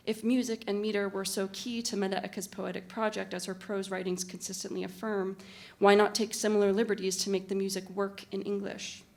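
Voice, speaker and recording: A woman delivers a conference talk as a literary translator. She reads from prepared text in a measured, articulate way, at an ordinary mid-range pitch, with the odd "uh" or "um" in between. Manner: measured, articulate reading with occasional fillers. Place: university conference room.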